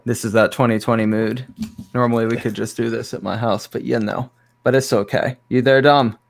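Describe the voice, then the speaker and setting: A man guesting on an interview over a video call, explaining his game in a relaxed, easygoing way. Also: mid-range voice, fairly quick, vocal fry. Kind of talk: casual interview chat.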